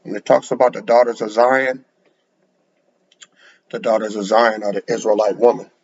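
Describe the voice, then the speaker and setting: A man's voice: fairly low pitch, fairly even intonation, normal speed, a little mellow, slightly rough. A man preaching bluntly, lecturing and repeating words as he speaks, in a dull lo-fi recording. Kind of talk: sermon to camera.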